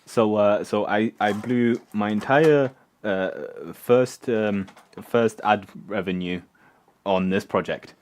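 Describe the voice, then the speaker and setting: A man hosting a casual live stream from his home workshop, rambling and halting with many fillers. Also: fairly low pitch, a little mellow. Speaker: streamer and electronics maker.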